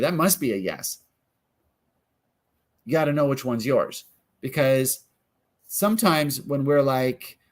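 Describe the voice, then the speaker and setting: Calm male coach guiding an exercise. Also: mid-range voice, measured pace, long pauses. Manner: calm, guiding, acts out inner questions in quotes. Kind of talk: guided self-help coaching.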